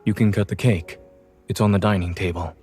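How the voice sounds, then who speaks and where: An actor voicing a calm, composed young male doctor in a game, speaking in a quiet, measured way with a hint of teasing. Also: fairly low pitch, faint music behind, lightly acted. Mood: gentle. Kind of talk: game voice acting.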